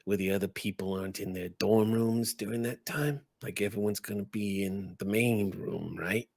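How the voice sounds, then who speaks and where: A man voicing a fidgety, eager male goblin who talks in a hushed, stammering way and repeats himself. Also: on the low side, steady tone, normal speed, creaky, dry recording, clean studio sound, voice pushed down. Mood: sheepish.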